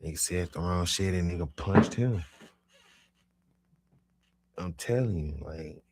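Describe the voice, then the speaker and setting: A young man telling a profane street story in casual talk, swinging between low mutters and loud animated bursts. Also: measured pace, noisy background. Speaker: podcast storyteller.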